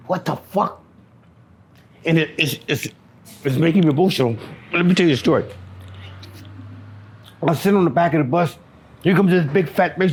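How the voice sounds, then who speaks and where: A man being interviewed, telling a personal story in a halting, repetitive, profane way, with stammering restarts. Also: fairly high pitch, gravelly.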